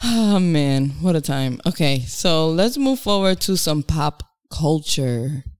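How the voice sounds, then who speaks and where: Smooth-voiced woman co-hosting a chat podcast. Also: low voice, slow pace, long pauses, no room sound, studio quality. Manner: laughing, teasing, animated storytelling. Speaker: podcast co-host. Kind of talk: casual chat.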